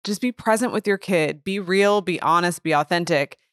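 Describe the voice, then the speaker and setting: A woman with a lowish voice talks casually as a guest, chatty and full of fillers. Her voice sounds dry and close to the mic, with no room echo. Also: moderate pace, a bit bright. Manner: chatty, with frequent "like" fillers and restarts. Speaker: guest author and researcher. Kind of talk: casual conversation.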